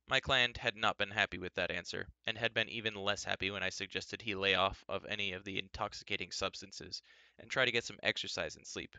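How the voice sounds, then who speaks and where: Brief: male reader, low and bright-toned, dry wry narration, close dry recording. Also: creaky, clear, resonant tone, dry recording. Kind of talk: reading a novel aloud.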